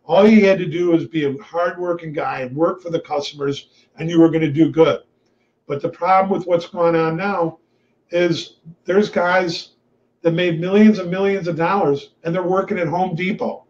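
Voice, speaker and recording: A man hosting a webinar, telling stories from his trading days in a blunt, profane, animated way. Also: high-pitched, moderate pace. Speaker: webinar host, trader. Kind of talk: casual storytelling. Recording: dull lo-fi webinar audio.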